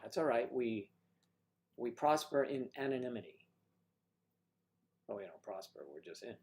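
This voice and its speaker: A man's voice: mid-range voice, expressive, normal speed, darkish tone. A man hosting a casual livestream chat with guests, rambling and teasing with jokes, talking into a computer mic. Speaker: livestream host.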